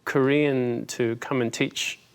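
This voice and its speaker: A man with an Australian accent, answering interview questions in a relaxed, easygoing way. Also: medium pitch, slow. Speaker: guest, actor and stuntman.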